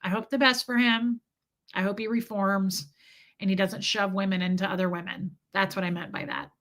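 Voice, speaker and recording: A woman's voice: medium pitch, flat delivery, moderate pace, a bit bright. A tired woman in her forties telling a story on a live stream, rambling and swearing and reading viewer comments aloud. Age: 40s.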